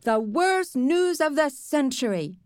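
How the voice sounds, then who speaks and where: A woman's voice: sits high, sing-song, slow, no echo, studio quality, pitched above the performer's own voice, full character voice. A woman voicing a cheeky, stubborn little boy who teases in a singsong voice. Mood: teasing.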